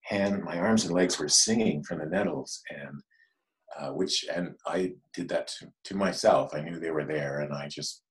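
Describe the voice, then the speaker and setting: A man recalling a long walk, halting and thoughtful. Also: rumbling low, low-quality recording. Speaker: guest. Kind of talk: casual recollection.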